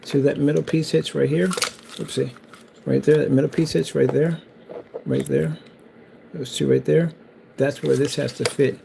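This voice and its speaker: Male vlogger, gravelly, excitable and rambling, faint background noise. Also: a little high, normal speed, long pauses, poor audio. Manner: hyped, rambling, self-promoting. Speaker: DIY builder. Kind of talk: casual build vlog.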